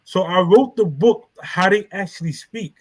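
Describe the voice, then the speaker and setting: A man talks casually on a live stream, his voice sitting a little high. He rambles loosely, circling back and restarting his sentences, and uses plenty of street slang. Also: moderate pace, low-quality recording. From New York. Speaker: author and live stream host.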